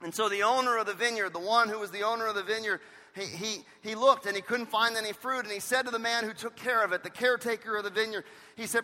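A pastor with a high, bright voice delivers a sermon, pressing each point home by repeating phrases. A long reverb rings around him, as in a big church sanctuary. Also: male voice, fairly even intonation, fast. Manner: emphatic preaching with repeated phrases. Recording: long reverb of a large hall.

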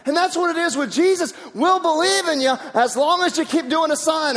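A man preaching a sermon, telling stories in an animated way with many restarts and repeated words. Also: extremely high pitch, brisk, hardly any pauses, big-room sound. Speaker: pastor.

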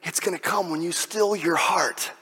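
A man delivering a sermon, swinging between loud exhortation and hushed, almost whispered passages. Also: fairly high pitch, normal speed, slightly rough. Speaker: pastor. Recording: long reverb of a large hall.

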